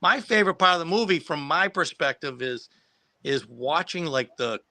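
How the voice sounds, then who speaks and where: That same former child extra, now a stream guest, spins a long, wandering tale about his film-extra days, full of restarts and chuckles at his own jokes. He speaks at a moderate pace in a sharp, somewhat high voice.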